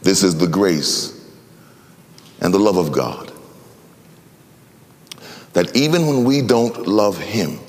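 Dramatic male preacher in a reverberant hall. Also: animated. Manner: dramatic, swinging between slow low emphasis and high, sing-song rises. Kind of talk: sermon.

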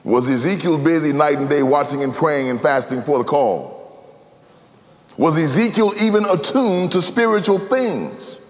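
A man preaching a sermon, his cadence sweeping from loud, high emphasis down to low, hushed tones. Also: animated, normal speed. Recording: long hall reverb.

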